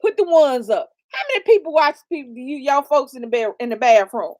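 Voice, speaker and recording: A woman co-hosting a casual chat, telling stories with loud, expressive exclamations. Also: high voice, fairly quick, dry recording. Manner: animated storyteller, loud exclamations. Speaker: co-host of a couple's channel.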